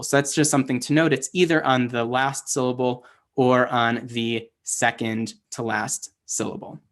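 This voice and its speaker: A man's voice: medium pitch, a bit bright. A man teaching a live online class, explaining casually with many restarts and "right?" checks to his students. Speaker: Hebrew teacher. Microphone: livestream.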